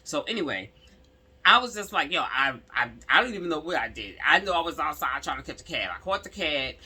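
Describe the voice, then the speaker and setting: A woman's voice: deep voice, sing-song, fairly quick, pushed and bright, husky. A woman casually telling a personal story to her viewers, emphatic and rambling, with many asides to the audience.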